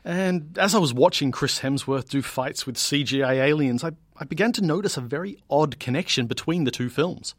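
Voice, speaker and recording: Male comedy podcast co-host, slightly high pitch, dry rambling delivery. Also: normal speed, few pauses, dry recording. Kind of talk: comedic scripted chat.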